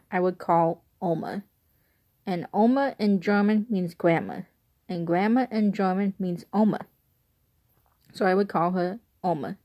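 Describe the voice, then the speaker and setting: A woman's voice: lowish voice, darkish tone. A woman with an Illinois accent, chatting casually through an accent-tag vlog with rambling, giggly asides. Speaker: vlogger.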